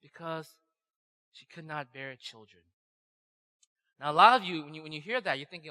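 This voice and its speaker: A man's voice: on the high side, expressive, moderate pace, sharp tone. A man preaching a conversational sermon, often checking in with a "right?" and acting out quoted voices. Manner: conversational, keeps asking "right?". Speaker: pastor. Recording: long hall reverb.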